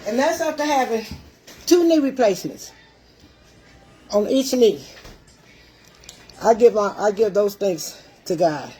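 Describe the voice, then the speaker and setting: A woman's voice: medium pitch, lively intonation, slow pace, long pauses, dark tone, breathy edge, soft background music. An older woman hosting a casual livestream, out of breath and greeting her viewers by name. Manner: chatty, greets commenters by name. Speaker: livestream cooking show host.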